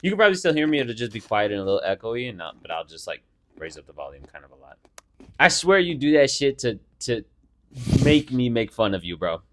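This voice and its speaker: A young man co-hosting a casual podcast with his sister, talking in an animated, profane, teasing way, a little quiet and echoey from a misplaced mic. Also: mid-range voice, fairly quick. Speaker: podcast co-host. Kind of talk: casual chat.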